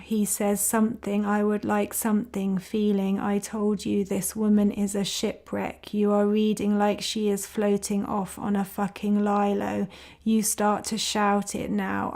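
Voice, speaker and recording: A woman giving a spoken-word performance reading, in a flat, measured second-person recitation. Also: medium pitch.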